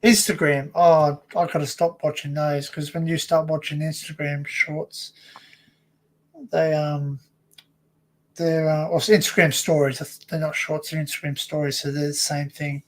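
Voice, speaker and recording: A man's voice: a little high, little pitch movement, unhurried. A man co-hosting a casual live-stream chat, rambling through stories with stumbling restarts. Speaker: co-host.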